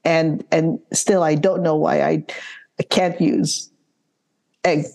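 A woman's voice: low-pitched, fairly even intonation, takes it slowly, gravelly. A woman hosting a podcast interview, speaking heartfelt and earnest, repeating words as she searches for them and laughing now and then. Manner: stammering restarts, warm questioning, laughs. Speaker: podcast host.

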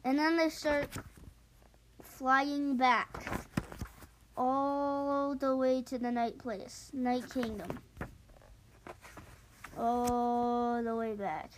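A woman casually retelling a book plot in a rambling, hurried way with many fillers. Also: high voice, fairly even intonation, a little hiss or hum.

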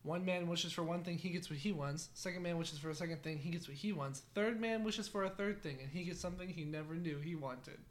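A man's voice: fairly high pitch, fairly quick, few pauses. Giggly rambling podcast co-host man. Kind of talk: casual chat.

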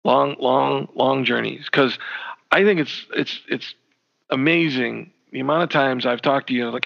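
A man's voice: mid-range voice, unhurried, gravelly. A man co-hosting a casual podcast, laughing often and acting out what people said. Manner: laughing, animated, acts out quotes. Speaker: podcast co-host. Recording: dull lo-fi sound.

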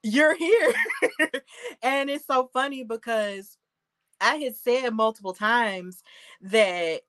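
A woman in her thirties co-hosting a wrestling aftershow, chatting in an animated, gushing way with lots of fillers and laughs. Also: medium pitch. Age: 30s. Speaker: aftershow co-host. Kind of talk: excited casual chat.

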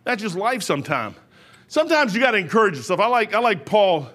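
A man's voice: high-pitched, big pitch swings, quick pace, a bit bright. A man preaching a sermon in a folksy, rambling way, full of restarts.

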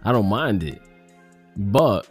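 A man's voice: fairly low pitch, big pitch swings, slow, slightly rough, faint music behind. A man on a casual podcast, ranting with heavy swearing. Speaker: podcast co-host.

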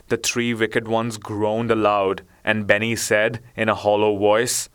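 A man hosting a storytelling podcast, narrating a tale in a measured, friendly way. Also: lowish voice, little pitch movement, fairly bright tone, clear, resonant tone.

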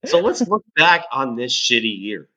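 A man's voice: mid-range voice, very animated, moderate pace, sharp tone. A man co-hosting a podcast in casual chat, blunt and sarcastic, swearing a lot. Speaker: podcast co-host.

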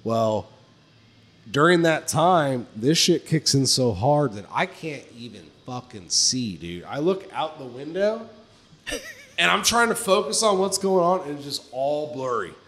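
A man co-hosting a podcast, telling a long story in casual chat, swearing often and jumping high in pitch when he quotes himself. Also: unhurried. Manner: profane, animated storytelling, pitch jumps high on quoted lines. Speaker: podcast co-host.

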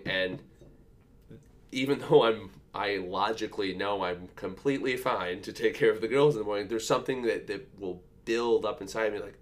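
A man in his thirties, a father, chatting casually and reflectively about parenting, telling stories with frequent restarts. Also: on the low side. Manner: reflective, storytelling, halting restarts. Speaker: podcast co-host, father. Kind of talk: casual chat.

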